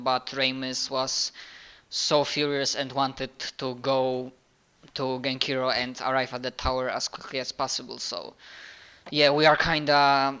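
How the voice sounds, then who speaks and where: A man with a bright, smooth voice plays his part in a tabletop game. He talks slowly and haltingly, stopping often to restart his sentences. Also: medium pitch, level tone. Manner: halting, with many fillers and restarts. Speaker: player. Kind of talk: playing a tabletop role-playing game.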